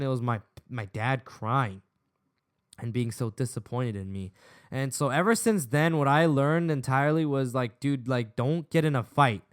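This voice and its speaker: Smooth-voiced young man telling a story. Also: medium pitch, fairly bright tone. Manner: casual, swears freely, laughs through the story. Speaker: gaming vlogger. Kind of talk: storytelling over gameplay.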